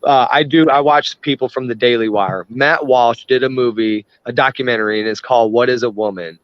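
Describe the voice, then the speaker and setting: A man's voice: mid-range voice, a little fast, no room sound. A man in casual chat, talking in a profane, worked-up rant. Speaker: podcast host. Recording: dry, dull lo-fi sound.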